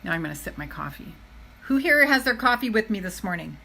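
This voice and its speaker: A middle-aged woman talking straight to her viewers in a live motivational session. Her pitch sits in an ordinary middle range, and her delivery is earnest and chatty. She leans on repeated phrases to drive each point home. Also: big pitch swings, brisk, gravelly, sharp tone, low-quality recording. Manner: chatty, addresses viewers as "you guys". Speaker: self-love coach.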